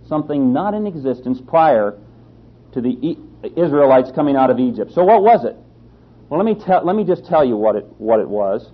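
A man teaching a sermon on scripture, who speaks emphatically, repeats his key phrases and asks rhetorical questions. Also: medium pitch. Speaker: Bible teacher. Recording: slightly dull lo-fi sound.

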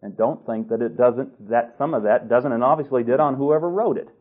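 A man's voice: medium pitch, brisk. A male preacher reads a text aloud in a sermon and comments on it critically and emphatically. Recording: tinny phone-like line.

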